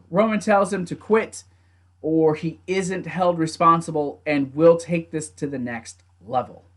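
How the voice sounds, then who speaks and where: A young man talks through a wrestling match in a loose, casual recap, his voice set a little high for a man. He gets animated and laughs easily, now and then slipping into quick acted-out lines from the wrestlers. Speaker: wrestling show reviewer.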